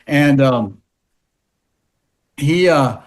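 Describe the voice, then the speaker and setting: A man telling stories as a podcast guest, rambling with many restarts and fillers, and growing animated as the events unfold. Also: medium pitch, extremely slow. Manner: animated when recounting events. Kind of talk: casual storytelling.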